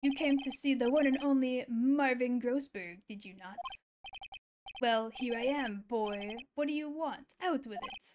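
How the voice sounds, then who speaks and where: A woman voicing a pompous older male lawyer who speaks in a slow, drawn-out, old-fashioned way. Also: high voice, background noise.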